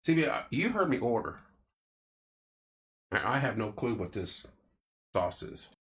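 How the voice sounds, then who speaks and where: A man's voice: medium pitch, big pitch swings, a little slow, fairly bright tone. A man hosting a casual livestream, chatting loosely and greeting viewers by name while he eats. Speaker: livestream host. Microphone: clip-on mic.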